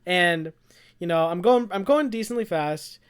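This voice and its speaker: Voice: medium pitch, unhurried, clean tone. Rambling young podcast host telling a story. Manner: rambling, animated, laughs at own story. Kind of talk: casual storytelling chat.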